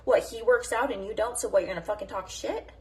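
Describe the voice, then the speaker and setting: A woman's voice: mid-range voice, quick pace. A woman delivering a passionate, unscripted morning rant as a mom vlogger. She is blunt, combative and full of swearing, and she jumps from topic to topic.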